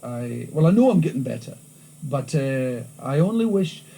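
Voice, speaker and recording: A man with a thick Glasgow accent, talking through an interview in lively stories full of restarts. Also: medium pitch, normal speed, gravelly, husky, poor audio. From Scotland. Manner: animated storytelling, frequent restarts. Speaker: interviewee, comedian. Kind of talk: candid interview chat. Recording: old VHS tape with faint hiss.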